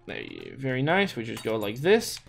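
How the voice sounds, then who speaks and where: A man's voice: medium pitch, wildly swooping pitch, moderate pace, vocal fry, fairly bright tone. A man giving let's play commentary, talking to himself as he plays, with lots of repeated words and sudden exclamations. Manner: talks to himself with frequent restarts and exclamations. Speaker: gaming YouTuber. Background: faint background music.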